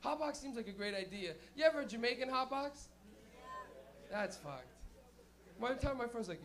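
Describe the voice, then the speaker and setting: A young man hosts a small club night and does a loose, rowdy stand-up set, swearing heavily and acting out quotes for the live audience. His very high-pitched voice is expressive and a bit bright, moving at normal speed with long pauses.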